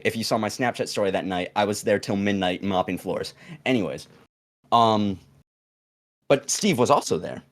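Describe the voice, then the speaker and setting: Young man rambling through a story. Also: fairly low pitch. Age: young adult. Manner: rambling, many fillers and restarts, acts out quoted lines. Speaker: podcast host telling a story. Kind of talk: casual storytelling.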